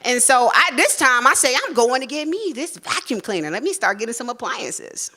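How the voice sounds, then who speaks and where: A woman telling a personal story on stage, frank and salty, acting out family members' voices in animated bursts. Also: fairly high pitch, moderate pace, slight background noise. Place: stage at a live storytelling show.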